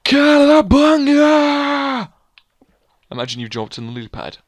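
A man's voice: on the high side, quick pace, dry recording, studio quality. A young man hosting a casual let's play, joking around and saying "literally" a lot. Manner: jokey, excitable, says "literally" a lot. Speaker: gaming channel host.

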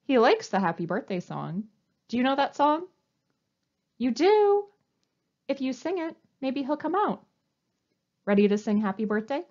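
A woman librarian reading a picture book aloud to young children, with an animated, coaxing sing-song delivery. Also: sits high, measured pace, long pauses, muffled recording. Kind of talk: storytime read-aloud.

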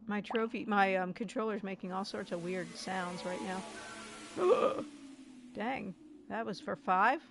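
A woman playing a video game and chatting casually, excitable, with frequent gasps and giggles. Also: medium pitch, slow pace, music in the background. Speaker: let's play gamer.

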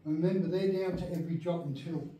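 A man's voice: fairly high pitch, steady tone, fast, warm tone. A man teaching an adult Bible class, emphatic and often checking that his listeners follow along. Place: church meeting room. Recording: very echoey room, speaker far from mic.

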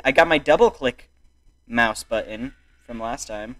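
A young man giving excitable, exclamatory commentary while playing a video game. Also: mid-range voice, unhurried. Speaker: gaming YouTuber. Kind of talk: gameplay commentary.

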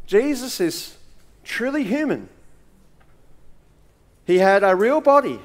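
A male pastor preaching a sermon in a church, emphatic, with dramatic pauses and swings between loud and soft. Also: extremely high pitch, sing-song.

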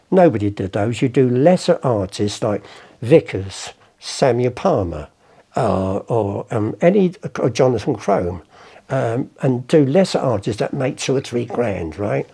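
Gravelly older man telling stories. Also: mid-range voice, big pitch swings, a little slow, dark tone. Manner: rambling, swears, acts out the people in his stories. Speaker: guest. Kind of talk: casual anecdotal storytelling.

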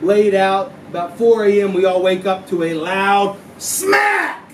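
A man telling a profane tall tale live, in a drawling deadpan manner broken by sudden yelps. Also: high voice, measured pace, distant mic, noisy background. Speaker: storyteller. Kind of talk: live spoken-word storytelling over guitar. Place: live venue. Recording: roomy live recording from off mic. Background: plucked guitar music.

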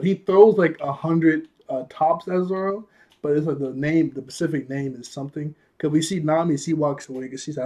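Animated man recapping an episode. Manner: animated, laughs often, acts out quotes in higher voice. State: a bit out of breath. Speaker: anime reviewer.

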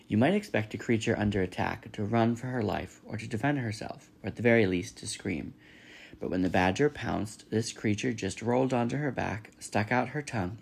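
A gravelly man reading a children's novel aloud. His voice sits low and has a husky grain. He tells the story in a steady, even storytelling manner. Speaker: reader.

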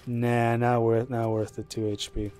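A young man streaming live, rambling chattily about his game with excitable reactions. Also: mid-range voice, a little slow, slight background noise. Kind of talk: live gameplay commentary.

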